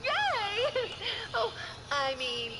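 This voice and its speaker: A woman's voice: extremely high pitch, wildly swooping pitch, extremely slow, heavily acted. An actress playing a giddy, cheerful woman on an answering machine message, giggling and sing-song. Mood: giggly.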